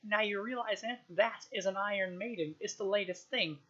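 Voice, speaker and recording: A woman's voice: mid-range voice, moderate pace, a bit bright, lo-fi sound, natural voice. A woman voicing a pompous, unhinged middle-aged duke who speaks in a theatrical, overwrought way. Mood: gloating.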